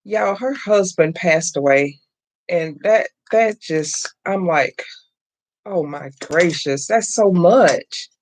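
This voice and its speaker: On this live craft stream, a middle-aged woman speaks slowly in a low, expressive voice. The channel's host chats casually with viewers as she works, calling them "y'all" and greeting chat by name.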